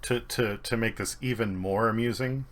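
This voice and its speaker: Bright-voiced male game master. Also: fairly low pitch, fairly even intonation. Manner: vivid, halting combat narration with many fillers. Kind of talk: narrating a tabletop game.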